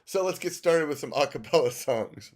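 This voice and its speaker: A man's voice: fairly high pitch, expressive, normal speed. A middle-aged man hosting a live music stream, chatting casually, laughing often and losing his train of thought.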